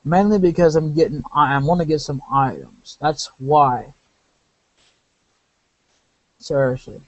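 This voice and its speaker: A man's voice: fairly high pitch, unhurried, no room sound, muffled recording. A man giving casual, rambling gameplay commentary, correcting himself and drifting into asides. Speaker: let's play commentator.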